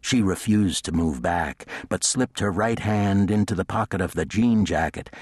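Deep, husky male audiobook narrator. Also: normal speed, hardly any pauses, a little mellow, no echo, clean studio sound. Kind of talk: scripted narration.

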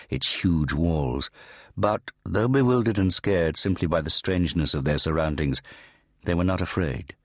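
Deep low male narrator, measured and grave, dry close studio sound. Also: no room sound. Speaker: audiobook narrator. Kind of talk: scripted narration.

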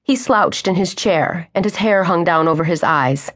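A woman narrating an audiobook in a smooth, even storytelling manner. Her voice sits a little low and steady. It is a close, plain studio reading. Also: normal speed, few pauses. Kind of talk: scripted narration.

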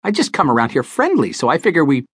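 A man voicing a wiry, chipper aging male small-time crook in an audiobook, rusty and quick to take offense. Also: huge pitch swings, a bit bright, husky, dry recording, studio quality, heavily acted. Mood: wheedling. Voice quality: rusty, nasal, high. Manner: wheedling and easily offended. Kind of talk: audiobook character voice.

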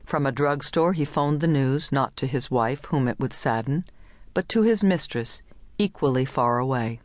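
A woman narrating a literary short story in a measured, even reading voice. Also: a bass voice, dry recording. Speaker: audiobook narrator.

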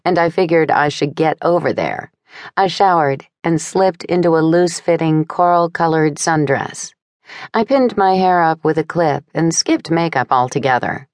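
Female audiobook narrator, low voice, first person, measured and wry, dry studio sound. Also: no echo.

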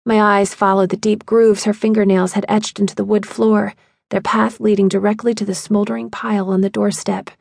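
A woman's voice: mid-range voice, gravelly, darkish tone, slightly rough, no echo. Woman narrator, first-person audiobook, emotional reading, dry booth sound.

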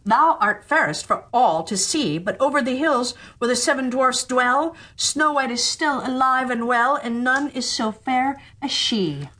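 Lady doing a magic mirror in a storybook, slow chanting rhyme, a bit higher, breathy. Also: lively intonation, sharp tone, heavily acted. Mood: solemn. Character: magic talking looking glass, solemn oracle.

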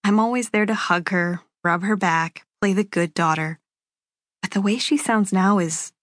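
A woman reading a first-person novel aloud as an audiobook, in a measured, unhurried telling. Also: mid-range voice, dry recording, studio quality. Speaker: audiobook narrator.

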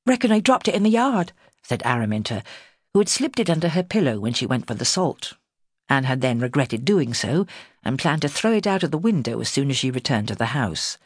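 A woman narrating a historical novel in a measured, expressive storytelling manner, close to the mic. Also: a bass voice, slightly rough, dry recording. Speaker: audiobook narrator. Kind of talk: scripted narration.

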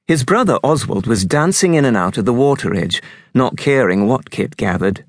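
A man narrating an audiobook in an unhurried, expressive storytelling manner. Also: mid-range voice, dry recording, clean studio sound.

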